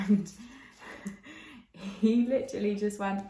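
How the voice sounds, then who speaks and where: A woman's voice: mid-range voice, animated, extremely slow, pauses often, a little hiss or hum. Chatty young woman, echoey room. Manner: chatty, heavy use of "like", laughs often. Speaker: vlogger. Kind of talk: casual storytelling chat.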